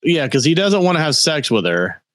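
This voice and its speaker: A man co-hosting a podcast, chatting casually about a film with relaxed, wry remarks. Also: on the high side, normal speed, dry recording. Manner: laid-back, agreeing, wry asides. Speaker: podcast co-host.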